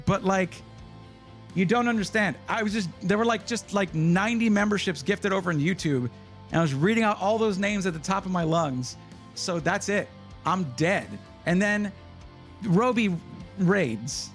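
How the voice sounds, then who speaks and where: A man hosting a live stream, excitedly reading out names in quick bursts, his voice going hoarse. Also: high voice, faint music behind. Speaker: livestream host.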